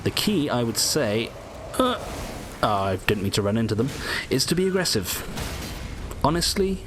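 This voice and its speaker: A man's voice: medium pitch, big pitch swings, moderate pace, background noise. A man casually commenting as he plays through a game, explaining tips and muttering asides to himself. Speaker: gameplay walkthrough host.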